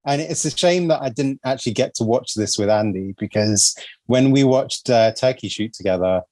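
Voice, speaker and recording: A man's voice: medium pitch, normal speed, darkish tone, dry recording. A man hosting a podcast with friends, talking casually and rambling with fillers and laughs. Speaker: podcast host.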